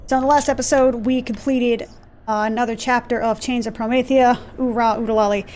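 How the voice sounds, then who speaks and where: Her voice is fairly high, steady and darkish, and she talks a little fast while commentating casually on a game she's playing. This let's play host chats, jokes at her own expense, and wanders off topic, using a desk mic turned down in software, with faint game music and mechanical keyboard clicks in the background.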